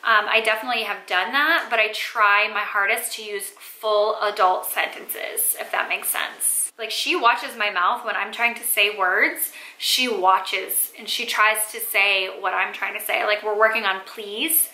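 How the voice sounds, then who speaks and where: A woman's voice: medium pitch, fairly even intonation, measured pace, few pauses, pushed and bright. A young woman, a mother, chatting casually to camera with lots of "like" and "um" fillers. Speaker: mom vlogger. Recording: echoey room.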